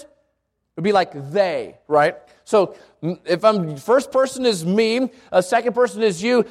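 A man teaching a Bible class at church in a conversational way, often restarting words and checking with the room by asking "right?". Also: high-pitched. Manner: conversational, repeats himself and asks the room "right?".

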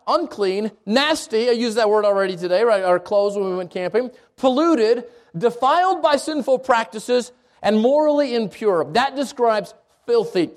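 A man with a high voice delivers a sermon in a relaxed, conversational way. He keeps turning to his listeners with questions and often doubles back over his words as he talks. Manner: conversational, asks the congregation questions, repeats words. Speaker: preacher.

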